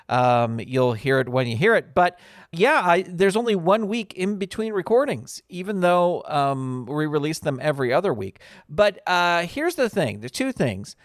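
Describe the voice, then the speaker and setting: A man's voice: on the high side, no room sound, clean studio sound. A man hosting his own podcast in a casual, rambling solo chat full of ums and uhs. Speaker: podcast host.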